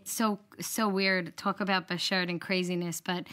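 A woman's voice: lowish voice, fairly even intonation, normal speed, a bit bright. A woman guest on a talk show retelling a family story, acting out quoted lines with animation.

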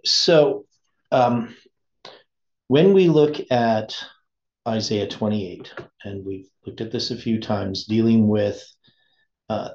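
A man teaching an informal Bible study, speaking haltingly and often stopping to search for words. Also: fairly low pitch, darkish tone. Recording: dull lo-fi recording.

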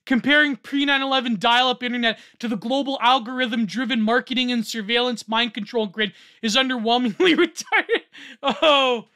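An excitable man reads a social media thread aloud and reacts as he goes, with a bright, sharp voice. He drops to a mutter, then bursts into shouting, and laughs often between lines. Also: very high-pitched, moderate pace. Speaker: online commentator.

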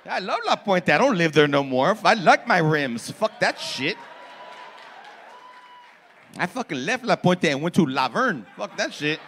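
A stand-up comic, brash and profane as he razzes the front row. His voice sits high and swings widely in pitch. Faint room ambience hangs behind him on the club mic. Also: big pitch swings, measured pace, long pauses, a bit bright, a little hiss or hum. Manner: brash, profane, teasing the crowd. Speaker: stand-up comedian. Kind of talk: stand-up crowd work. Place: comedy club before a laughing audience.

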